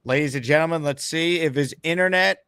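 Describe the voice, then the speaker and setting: A man's voice: on the high side, a little fast, bright, forceful tone, smooth, no room sound, clean studio sound. A man hosting a sports call-in show, taking calls with upbeat, dryly joking patter. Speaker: host.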